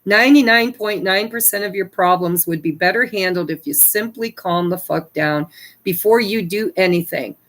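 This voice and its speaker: A woman's voice: medium pitch, normal speed, a bit bright. A woman hosting a casual tarot card reading for her viewers, cheeky and laughing often, swearing freely. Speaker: tarot reader.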